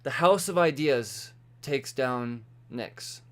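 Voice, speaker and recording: A man's voice: mid-range voice, lively intonation, slow pace, fairly bright tone. A young man hosting a solo comics podcast, rambling loosely and swearing freely while he sums up the week's issues, a little tipsy from beer. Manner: loose and profane, quoting characters in offhand voices. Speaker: podcast host reviewing comics. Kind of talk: casual solo podcast chat.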